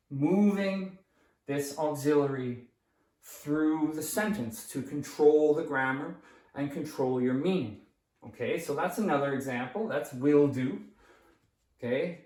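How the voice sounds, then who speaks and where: A man's voice: medium pitch, a little mellow. A man teaching English grammar at a whiteboard, patient and repetitive, often checking in with "okay?". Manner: patient, repeats key phrases, checks in with "okay?". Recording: echoey room, voice far from the mic.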